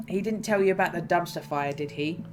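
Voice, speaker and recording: A woman voicing a sentimental middle-aged father who jokes gently with his daughter, over background music. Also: fairly low pitch, a little fast, background noise, lightly acted. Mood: tender. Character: soft-hearted middle-aged dad. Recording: music playing behind.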